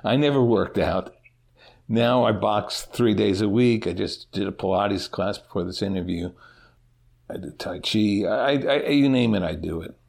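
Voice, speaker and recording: Gravelly low-voiced middle-aged man. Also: a little mellow. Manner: candid, halting with restarts. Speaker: interview guest. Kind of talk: personal storytelling in an interview.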